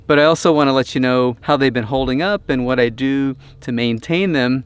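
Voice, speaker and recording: A man hosting an RV do-it-yourself vlog, telling a story in a chatty, relaxed way. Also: mid-range voice, a little fast, smooth, no room sound. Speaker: RV DIY channel host.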